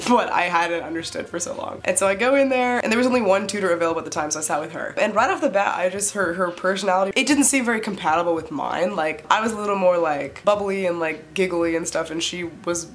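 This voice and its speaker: A fast-talking young woman vlogger recounts a story in a casual, chatty way. Her voice sits slightly low, and she says "like" constantly. She acts out the dialogue she quotes. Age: young adult. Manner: chatty, filler-heavy, animated retelling with quoted dialogue. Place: her bed, for a short add-on.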